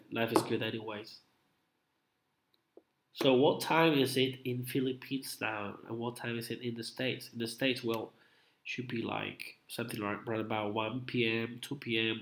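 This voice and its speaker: Slow, rambling man with a cold. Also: lowish voice. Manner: rambling and hesitant, many fillers and restarts. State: has a cold, coughing. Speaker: live-stream host. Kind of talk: casual live-stream chat. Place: home room at night. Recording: roomy echo.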